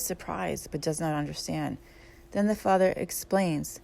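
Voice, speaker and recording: A woman who teaches yoga reads her own self-help book aloud. Her voice is low with a noticeable gravelly fry, and she speaks calmly and candidly. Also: normal speed. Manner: calm, reflective, candid. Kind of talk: audiobook narration.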